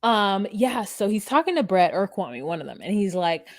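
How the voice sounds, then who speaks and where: A woman's voice: medium pitch, moderate pace, no room sound. Chatty woman recapping a show. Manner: chatty, animated retelling with quoted voices. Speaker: podcast co-host recapping a reality show. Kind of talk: casual chat.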